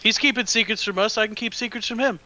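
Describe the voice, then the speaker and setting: A man's voice: sits high, quick pace, pushed and bright, low-quality recording. A man playing a tabletop game, joking and playfully stubborn with the game master. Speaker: player. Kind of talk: casual tabletop game chat.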